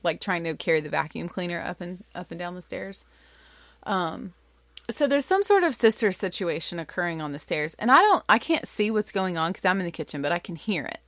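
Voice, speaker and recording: A woman in her thirties, a mother, telling a family story in an animated, chatty way with lots of fillers. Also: fairly low pitch, a little fast, no echo. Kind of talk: casual storytelling.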